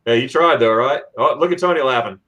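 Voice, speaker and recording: A man's voice: medium pitch, fast, a bit bright, dull audio. A man from Florida hosting a casual livestream, reading out viewer comments in a rambling, chatty way with plenty of fillers and restarts. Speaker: livestream host.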